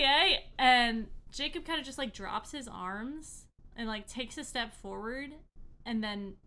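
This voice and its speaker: A woman narrating and running a tabletop game as game master, animated and often laughing. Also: mid-range voice.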